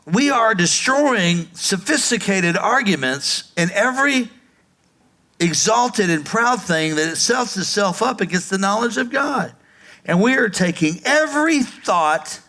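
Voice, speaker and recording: In a church sanctuary before his congregation, a pastor preaches a sermon in a fairly high, sharp-toned voice. He acts out quoted voices and calls on the congregation to respond.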